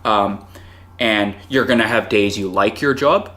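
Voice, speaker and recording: A man's voice: on the low side, a little slow, fairly bright tone. A man hosting a casual interview, talking in a rambling, conversational way with frequent tag questions and laughter. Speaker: podcast host, comedian.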